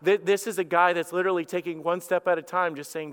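A smooth, fast-talking lead pastor with a high voice preaches amid long hall reverb. He brings the story to life with animated narration and acted-out characters.

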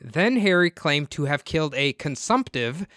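A man hosting a podcast, telling a true-crime story in a relaxed, chatty way with frequent laughter. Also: a little high, normal speed, dry recording, studio quality. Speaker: podcast host.

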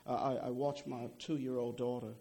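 A man's voice: medium pitch, level tone, moderate pace, warm tone. A young adult man preaching a sermon in a conversational way, often checking in with "okay?" and repeating words as he goes.

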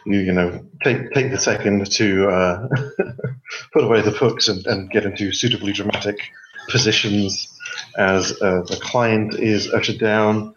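A man's voice: lowish voice, steady tone, unhurried, fairly bright tone, a little hiss or hum. A man narrating a tabletop game as game master, rambling with jokey asides, in an echoey, dull recording. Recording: echoey, dull lo-fi room sound.

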